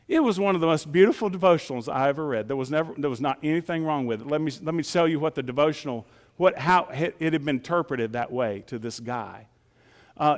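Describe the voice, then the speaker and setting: A male pastor preaching with a folksy, conversational touch and frequent rhetorical questions. His voice sits a bit high and swings widely in pitch. Long reverb from a big church sanctuary hangs behind him. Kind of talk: sermon.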